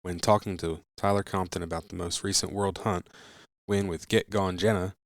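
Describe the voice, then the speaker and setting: Male podcast host, low voice, relaxed plain reads, dry sound. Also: moderate pace, no echo. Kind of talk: introducing clips.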